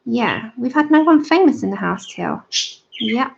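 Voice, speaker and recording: A woman's voice: fairly high pitch, expressive, unhurried, gravelly, noisy background. A woman hosting a livestream, chatting casually while she colors and answers viewers in the chat. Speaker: livestream host. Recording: slightly dull lo-fi sound.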